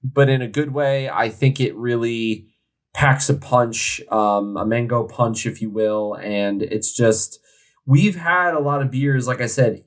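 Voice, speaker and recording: A man co-hosting a beer podcast, chatting casually with goofy jokes and asides. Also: mid-range voice. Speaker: podcast co-host. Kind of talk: casual beer review chat.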